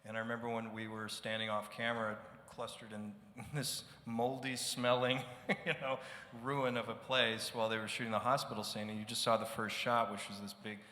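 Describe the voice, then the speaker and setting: A man with a lowish, bright voice telling a story in a reflective way and pausing often. He speaks into a mic in a large hall with a long echo. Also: level tone, slight background noise. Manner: reflective storytelling, many fillers. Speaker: show producer on a panel. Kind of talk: casual panel chat. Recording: echoey hall, live event.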